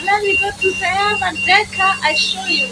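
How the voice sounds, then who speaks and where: A woman vlogging on a handheld phone at a railway station and on board a train. She gushes with excitement and repeats herself often. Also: extremely high pitch, moderate pace. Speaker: travel vlogger. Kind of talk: casual vlog narration. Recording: noisy phone recording on the move.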